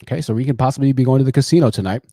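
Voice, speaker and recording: A fast-talking young man hosting a laid-back livestream and chatting straight to his viewers. His voice is mellow and rather dark, and he often repeats a phrase for emphasis. The sound is dry and close, with little room in it. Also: mid-range voice, dry recording. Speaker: livestream host. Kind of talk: casual livestream chat.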